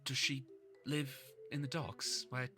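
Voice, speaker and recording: A man voicing a wary male dock worker who speaks in a low, secretive way with a put-on rough accent. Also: little pitch movement, measured pace, over music, close to an everyday voice. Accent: put-on rough working-class accent.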